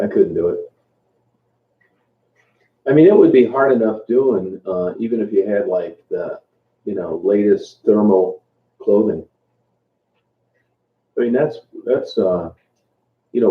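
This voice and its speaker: Chatting loosely with people watching live, this host speaks in a fairly low voice, relaxed but halting, full of fillers, trailing off and starting over. The recording sounds thin, like a phone, and bounces around an echoey room.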